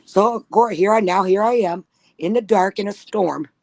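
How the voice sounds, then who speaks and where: A woman's voice: mid-range voice, normal speed, creaky, darkish tone, no room sound. A woman telling a spooky personal story in casual chat, blunt and profane. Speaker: guest storyteller.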